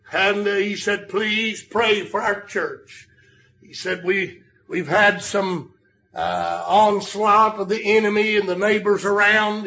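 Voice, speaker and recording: An older man preaching a sermon, telling stories and rising to shouted emphasis on key lines. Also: high voice.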